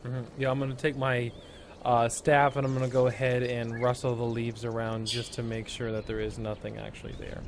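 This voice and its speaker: A man's voice: medium pitch, flat delivery, fairly quick, a little hiss or hum. A young man playing a tabletop game, hesitantly describing what his character does, with many fillers. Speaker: player. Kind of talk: casual tabletop game chat.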